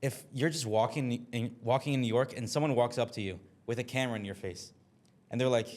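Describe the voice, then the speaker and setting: A man's voice: mid-range voice, steady tone, a little fast, darkish tone. A man hosting a podcast, chatting casually and steering the conversation with his guest. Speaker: podcast host. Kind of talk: casual chat.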